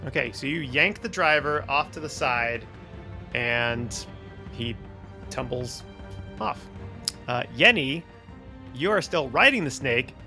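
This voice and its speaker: A man's voice: medium pitch, expressive, slow pace, creaky, pauses often, bright, forceful tone, soft background music. A man running a tabletop game as dungeon master, narrating loosely with restarts and laughs.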